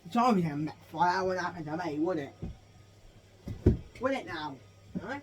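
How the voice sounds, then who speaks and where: A man's voice: sits high, lively intonation, normal speed, a little hiss or hum. Rambling British man reviewing a show. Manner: rambling, full of fillers and asides. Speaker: home-video reviewer.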